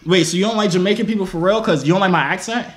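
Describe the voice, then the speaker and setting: A man's voice: high-pitched, racing, fairly bright tone. A man hosting a flirty video-chat vlog, playfully slipping into a put-on Jamaican patois. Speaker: host. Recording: echoey room with faint noise.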